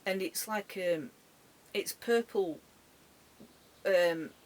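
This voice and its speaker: A tearful woman recording a personal vlog from her caravan bedroom, speaking haltingly with many restarts and soft, trailing words. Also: mid-range voice. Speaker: dog owner. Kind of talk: emotional personal vlog tribute.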